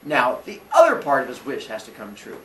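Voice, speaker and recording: Lively teacher telling a myth to class. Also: male voice, medium pitch, brisk. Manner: playful, acts out characters, asks the class questions. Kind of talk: animated storytelling to a class. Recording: roomy classroom, mic at a distance.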